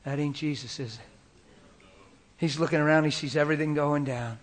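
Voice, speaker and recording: A man preaching a sermon in an animated way, moving between loud acted quotes and hushed, whispered asides. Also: on the high side, brisk, long pauses.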